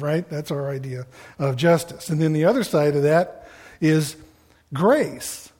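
A middle-aged man preaching a sermon as pastor, animated and acting out the voices of the people he quotes. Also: a little high, unhurried.

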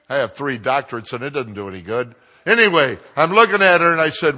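A man preaching a sermon, joking with his congregation and swinging from quiet asides to loud exclamations. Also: medium pitch, fast talker, hardly any pauses.

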